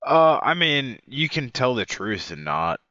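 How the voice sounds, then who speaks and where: A man's voice: mid-range voice, big pitch swings, measured pace, pushed and bright, no echo. A man on a casual book podcast who talks bluntly and laughs often. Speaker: podcast co-host. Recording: dull dry mic.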